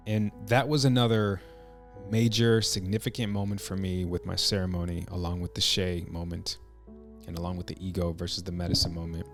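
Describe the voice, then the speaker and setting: A man hosting a podcast, telling a personal story in an earnest, reflective way, halting and restarting his sentences. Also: low voice, flat delivery, soft background music. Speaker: podcast host.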